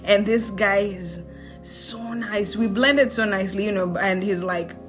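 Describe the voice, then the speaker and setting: A young Kenyan woman telling a personal story in a casual vlog. She is animated, slips into Swahili slang and laughs often. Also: mid-range voice, a little slow, soft background music. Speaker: vlogger.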